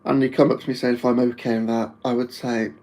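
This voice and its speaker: A man's voice: mid-range voice, flat delivery, fast talker, warm tone, poor audio. A man with a Wolverhampton accent chatting casually on a live stream, rambling and laughing often.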